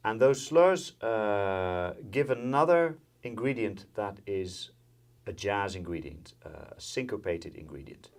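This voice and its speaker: With violin and guitar playing in the background, a Dutch man leads a jazz violin lesson, going step by step, counting in and filling pauses often. He speaks unhurriedly in a lowish voice with lively intonation.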